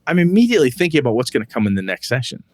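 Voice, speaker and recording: A middle-aged man co-hosting a podcast, chatting casually in an animated way and swearing freely as he tells stories. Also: medium pitch, rapid-fire, no echo. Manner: animated, profane, storytelling. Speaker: podcast co-host. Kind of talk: casual chat.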